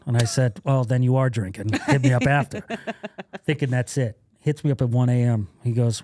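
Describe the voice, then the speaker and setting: A man's voice: mid-range voice, moderate pace, darkish tone, no room sound, clean studio sound. A man who is a comedian, guest on a podcast, telling stories in casual talk, laughing often and acting out what others said. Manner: laughs often while telling stories, acts out quoted lines.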